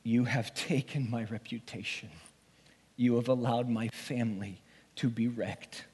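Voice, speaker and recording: Man, pastor, dramatic sermon, slow, long reverb, emotional, pleading. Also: mid-range voice, fairly even intonation, breathy edge. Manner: emotional, swings from pleading to hushed whispers. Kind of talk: first-person dramatic sermon monologue. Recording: long reverb of a large hall.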